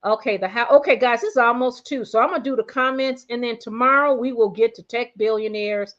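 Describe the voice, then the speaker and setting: A woman hosting a casual commentary livestream, excitable and blunt, talking directly to her viewers. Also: a little high, fairly quick, lo-fi sound. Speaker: host.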